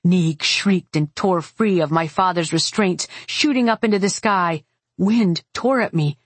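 A woman's voice: fairly low pitch, measured pace, slightly rough, dry recording. A woman narrating a first-person audiobook with an intense, dramatic reading.

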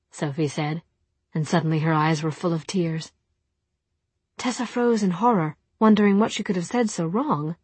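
A woman reading a novel aloud in calm, even narration. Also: lowish voice, normal speed, breathy edge, dry recording. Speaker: audiobook narrator. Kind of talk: scripted narration.

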